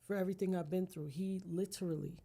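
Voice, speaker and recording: A woman's voice: fairly low pitch, steady tone, fast, warm tone, husky. A middle-aged woman, a podcast guest, talking earnestly and emphatically about her life, with a preacher-like manner. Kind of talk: heartfelt personal conversation.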